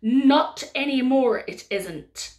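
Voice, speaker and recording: A woman storyteller voicing a cold-hearted stepmother who speaks slowly and harshly. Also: high-pitched, animated, a little mellow. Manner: slow and cold.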